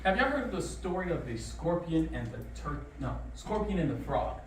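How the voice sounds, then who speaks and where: A man giving a motivational talk to high school students, drawing answers from the room and telling stories, recorded in a roomy classroom away from the mic. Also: moderate pace, distant mic, slight background noise. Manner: animated, calls for answers, storytelling. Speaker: motivational speaker.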